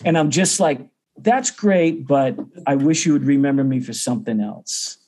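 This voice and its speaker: A man's voice: mid-range voice, moderate pace. A middle-aged man, a percussion teacher, telling a story casually and acting out the other people's voices. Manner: animated, acts out others' voices.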